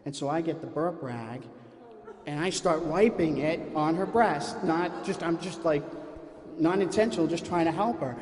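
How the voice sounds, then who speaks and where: Man, live comic storyteller, animated, self-mocking, higher voice, echoing hall. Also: normal speed.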